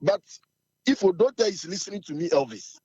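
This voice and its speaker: A Ghanaian man with a hoarse voice, the chairman of a supporters' group, talking in an assertive, fiery way in an interview. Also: high-pitched, animated, moderate pace, warm tone, dry recording, dull audio.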